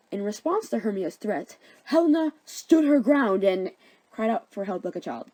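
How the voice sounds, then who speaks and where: A woman's voice: medium pitch, very animated, normal speed, warm tone, no echo, rough recording. A young woman narrating a comedic story summary in a chatty, sarcastic, slangy way.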